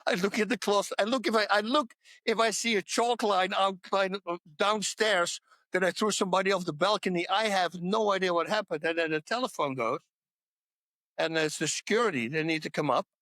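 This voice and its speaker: A man with a high-pitched voice tells wild stories in a podcast chat, laughing between words and tripping over his restarts. The sound is close and dry, with no room around it. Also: a little fast, dry recording. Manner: lively storyteller, laughs mid-sentence, restarts words. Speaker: podcast guest. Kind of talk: animated anecdote telling in a podcast chat.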